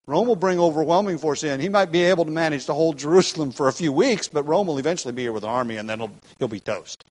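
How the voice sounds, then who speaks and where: A man gives a Bible teaching talk, working through a passage in an explanatory way. His voice sits a little high, and he often restarts his sentences as he thinks aloud. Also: fast, hardly any pauses, darkish tone, low-quality recording.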